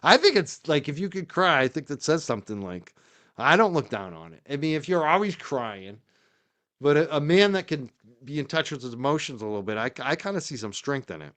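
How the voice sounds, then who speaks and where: Guy hosting a livestream, kinda high voice, smooth, getting emotional and fired up. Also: big pitch swings, brisk, fairly bright tone. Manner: emotional, grateful, then indignant. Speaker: podcast host. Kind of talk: casual livestream talk.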